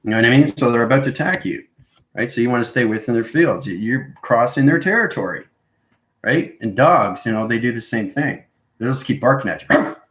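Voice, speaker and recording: A man's voice: medium pitch, expressive, brisk, fairly bright tone, roomy sound, poor audio. A man hosting a casual spiritual monologue, rambling and checking in with "right?" and "you know what I mean" after nearly every point. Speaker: spiritual video host.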